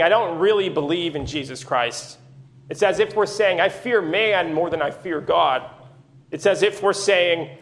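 A man preaching a sermon, teaching earnestly and at a measured pace, with rhetorical questions to his listeners. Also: high-pitched, a bit bright.

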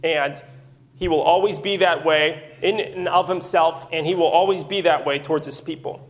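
A man preaching a sermon, teaching earnestly and at a measured pace, with rhetorical questions to his listeners. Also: fairly high pitch, steady tone.

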